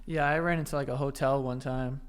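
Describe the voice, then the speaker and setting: A man's voice: medium pitch, steady tone, quick pace, smooth. A young man, co-hosting a podcast with teasing, joking banter. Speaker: podcast co-host. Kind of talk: casual chat.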